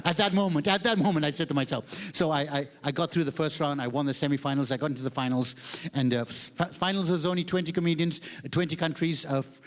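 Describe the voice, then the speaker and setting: A man's voice: fairly high pitch, fast. A middle-aged Malaysian man with a Malaysian accent, telling a self-mocking stand-up story on stage and mimicking voices. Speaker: comedian, guest performer. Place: large hall on stage. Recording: long hall reverb.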